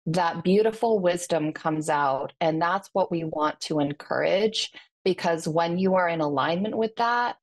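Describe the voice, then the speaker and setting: A woman speaking as a podcast guest and wellness coach, earnest and effusive, in inspirational phrasing. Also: sits low. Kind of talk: casual podcast chat.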